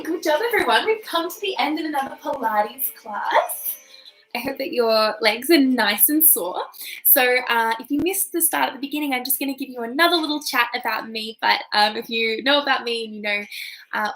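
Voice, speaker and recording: Young Aussie woman, Pilates instructor, informal and chatty, fairly high voice, roomy recording. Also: sharp tone. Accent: Australian. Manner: chatty and informal, with many ums. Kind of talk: guiding an online Pilates class. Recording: echoey room.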